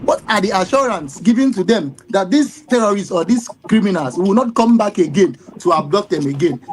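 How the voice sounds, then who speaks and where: A man's voice: sits high, animated, brisk, slight background noise, poor audio. A man with a Nigerian accent, a guest on a live discussion, speaking emphatically and indignantly with many rhetorical questions and stacked fillers. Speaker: guest commentator.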